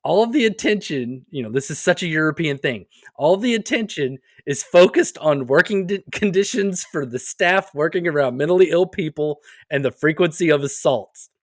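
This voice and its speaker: A man's voice: on the high side, lively intonation, moderate pace, hardly any pauses, no room sound, studio quality. A man co-hosting a comedy podcast, telling stories casually with wry joking asides. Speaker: podcast co-host.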